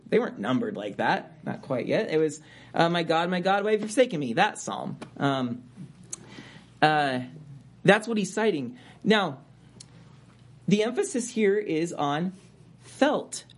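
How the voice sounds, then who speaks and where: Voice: mid-range voice, husky. Emphatic preacher teaching a sermon. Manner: emphatic, conversational teaching with rising stresses on key words. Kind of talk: expository sermon.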